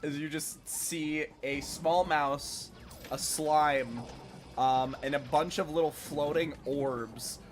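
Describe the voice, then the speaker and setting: A man's voice: on the high side, steady tone, slow pace. A young man narrating a tabletop game as game master, loose and giggly, swearing casually.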